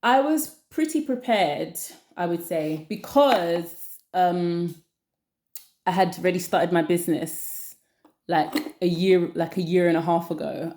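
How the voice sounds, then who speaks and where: A woman's voice: on the low side, warm tone. A woman chatting casually to camera as a vlogger, rambling and repeating phrases for emphasis. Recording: roomy echo.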